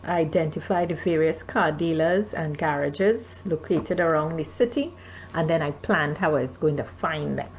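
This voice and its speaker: A woman's voice: low voice, normal speed, slight background noise, poor audio. A woman, the author, reading her own memoir aloud and stopping now and then to chat with her live audience. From North America. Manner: reads aloud, then breaks off to chat with listeners. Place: home, streamed live.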